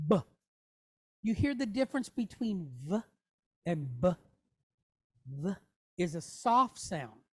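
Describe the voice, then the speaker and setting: Slow, patient woman teaching a class. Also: mid-range voice. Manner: patient, explains step by step, checks in with "okay?"; demonstrates sounds aloud. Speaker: Hebrew teacher.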